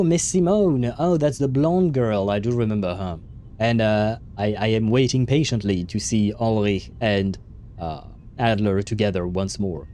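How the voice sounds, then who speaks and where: A man's voice: lowish voice, warm tone, a little hiss or hum. A man streaming a game, chatting along in a rambling way and often chuckling. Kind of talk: casual let's play commentary.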